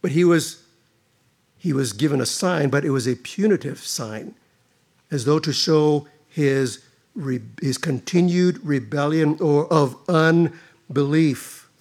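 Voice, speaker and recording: A man preaching a sermon, speaking emphatically with dramatic pauses and repeated phrases. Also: fairly high pitch, darkish tone. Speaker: pastor.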